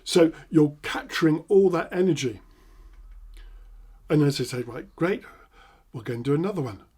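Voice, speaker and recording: A middle-aged man with an English accent, a hypnotherapist teaching an NLP technique with animated demonstrations. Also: fairly high pitch, moderate pace, husky. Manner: animated, acts out laughing prompts with loud bursts. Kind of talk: instructional talk with demonstrations.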